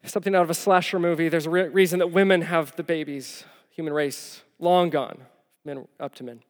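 A man preaching a sermon as pastor, a father of four who tells stories animatedly, dropping to a hush and rising to loud. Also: fairly high pitch, brisk. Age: young adult to middle-aged, father of four. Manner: animated storytelling, swinging from loud to hushed. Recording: long reverb of a large hall.

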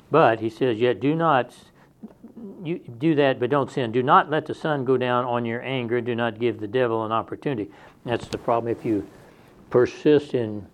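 A man preaching an expository sermon, reading scripture aloud and explaining it in a conversational, plain-spoken way. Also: mid-range voice. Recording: dull lo-fi sermon recording.

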